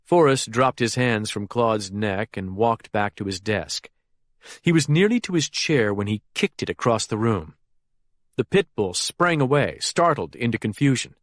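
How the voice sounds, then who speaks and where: A man narrating a thriller audiobook in a steady, even storytelling manner. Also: fairly low pitch, a little slow, no room sound, clean studio sound. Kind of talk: scripted narration.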